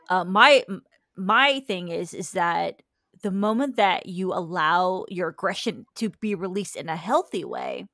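A woman hosts a casual podcast chat, speaking in a middle pitch with a supportive, hesitant flow full of ums and uhs. Her voice sits close and dry, with no room sound around it. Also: a bit bright, no echo. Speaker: podcast host.

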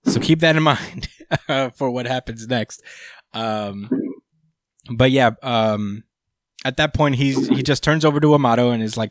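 A man's voice: medium pitch, unhurried, dry recording, clean studio sound. A man hosting a casual recap chat, laid-back, swearing freely, laughing often, with lots of fillers.

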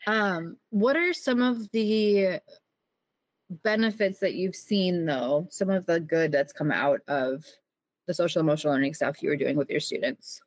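A woman's voice: fairly low pitch, measured pace, no echo. A woman hosting an interview podcast, candid and frank, speaking casually and laughing along with her guest. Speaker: podcast host, teacher.

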